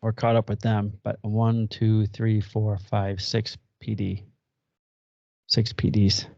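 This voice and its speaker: This is a middle-aged man with an average-pitched voice, hosting a podcast in a loose, rambling, hesitant way. The recording is dry and slightly dull. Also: level tone, takes it slowly, vocal fry, a little mellow, no room sound. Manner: easygoing, rambling, hesitant with ums. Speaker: podcast host. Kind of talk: casual chat.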